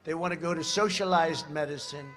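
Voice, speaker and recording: With crowd noise filling the background, an older man in his seventies gives a rambling outdoor rally speech at a podium mic, leaning on sarcastic asides and repeated phrases. He speaks fairly quickly at a fairly high pitch.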